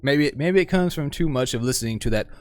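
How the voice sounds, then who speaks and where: A man's voice: medium pitch, animated, fast talker, darkish tone. A man streaming a game live, chatting casually and stumbling over his words with a laugh.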